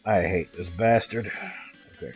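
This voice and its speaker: A man's voice: low-pitched, unhurried. A man streaming live gameplay, swearing and trash-talking the game as he plays. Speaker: gaming streamer. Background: faint game music.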